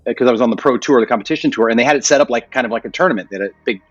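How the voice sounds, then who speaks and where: An American man with a slightly husky voice telling his story in a casual interview, acting out the quotes in lively voices. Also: racing, no room sound, dull audio. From United States. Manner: animated, acts out quotes with jumps in pitch. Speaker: guest, martial artist and actor.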